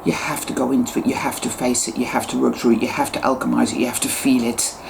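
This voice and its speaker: A woman's voice: extremely low pitch, little pitch movement, quick pace, creaky, noisy background. A woman YouTuber giving an impassioned spiritual monologue, swearing heavily and repeating words for emphasis.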